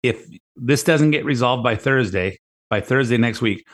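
A middle-aged man talking on his own radio show, loose and rambling. He restarts his phrases and repeats words. His voice sits at an ordinary middle pitch. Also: normal speed, a bit bright. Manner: rambling, repeats words, retells conversations with emphasis. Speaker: radio show host and mortgage lender. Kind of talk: casual talk radio monologue.

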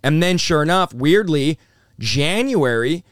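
A man in his thirties, a pastor guest telling his story in an animated, rapid-fire way, peppered with bro and dude. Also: fairly high pitch, smooth, dry recording, studio quality. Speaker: pastor and revivalist, interview guest. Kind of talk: excited conversational storytelling.

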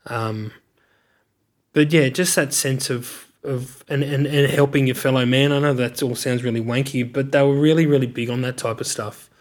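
A man's voice: mid-range voice, steady tone, normal speed. A middle-aged man with an Australian accent, candidly telling his life story in an interview, reflective and searching for words.

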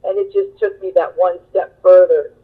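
A woman guitarist being interviewed, telling stories in a chatty, animated way with lots of fillers. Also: lowish voice, moderate pace, husky. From Long Beach, California. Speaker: guest musician, guitarist. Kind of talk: interview storytelling. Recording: tinny phone line.

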